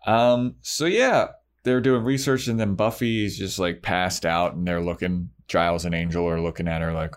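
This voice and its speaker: A man's voice: deep voice, moderate pace, few pauses. A man chatting casually as a podcast co-host, recapping a TV episode with loose, acted-out quotes.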